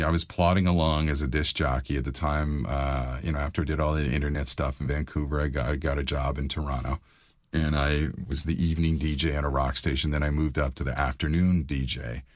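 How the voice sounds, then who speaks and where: A middle-aged man, a former radio DJ and voiceover artist, telling stories in a casual interview with lively acted-out quotes. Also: fairly quick, no echo, studio quality. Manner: animated anecdotes, acts out quotes with big pitch jumps.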